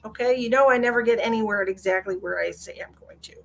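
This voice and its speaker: A woman's voice: a little high, brisk, vocal fry, few pauses, fairly bright tone. A woman psychic medium on a live stream, answering viewer comments in a blunt, lecturing way and repeating phrases for emphasis. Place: at home with her cat.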